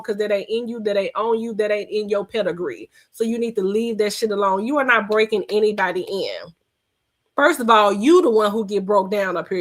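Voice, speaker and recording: A woman podcast host, delivering a blunt, profane, scolding rant in reaction commentary. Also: medium pitch.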